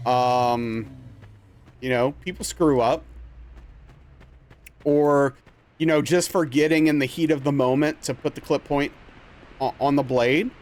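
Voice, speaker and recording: A young man streaming a game live, telling a rambling story in a casual, animated way with lots of filler words. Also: mid-range voice, measured pace, long pauses. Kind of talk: casual chat while playing a game live.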